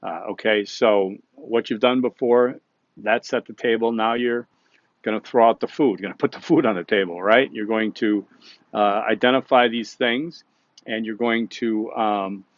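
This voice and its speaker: A man's voice: fairly low pitch, steady tone, moderate pace, no room sound. Male teacher walking students through an assignment, chatty and loose, dry muffled lo-fi sound. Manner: conversational, frequent "okay?" check-ins and restarts. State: hiccups. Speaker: instructor. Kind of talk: recorded class instructions.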